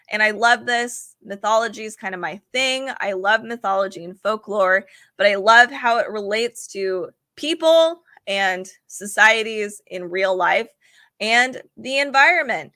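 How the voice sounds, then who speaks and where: A young woman casually showing and reviewing a book and a candle, chatty and enthusiastic, a little hoarse from losing her voice. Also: mid-range voice, measured pace, sharp tone. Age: young adult. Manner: chatty, enthusiastic, says "like" and "um" a lot. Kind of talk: casual show-and-tell review.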